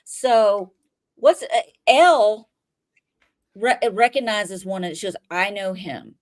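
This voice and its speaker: A woman co-hosting a podcast, retelling a TV episode in a rambling, profane, animated way. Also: medium pitch, slow. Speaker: podcast co-host. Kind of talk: casual TV recap chat.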